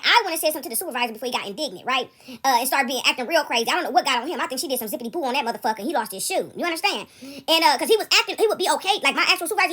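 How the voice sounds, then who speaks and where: High, lively woman telling a story. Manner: animated, laughs often, talks to the audience directly. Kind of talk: casual storytime to viewers.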